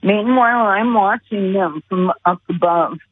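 A woman calls in and tells her story slowly and earnestly. Her voice is husky and a little breathy. It comes through a thin, tinny phone line. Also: mid-range voice. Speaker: guest. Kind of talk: storytelling on a call-in show. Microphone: telephone.

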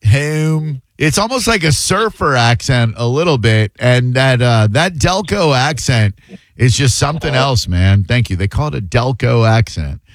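A man's voice: medium pitch, expressive, normal speed, dry recording, clean studio sound. A man hosting a casual radio talk show, talking loosely and rambling, trailing off with "uh" as he thinks. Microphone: studio microphone.

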